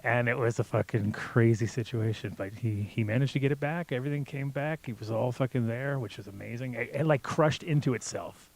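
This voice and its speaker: Animated profane storytelling man. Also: medium pitch, a little fast, vocal fry, few pauses. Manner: animated, profane, acts out quotes in a raised voice. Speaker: podcast host. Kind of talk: casual storytelling chat.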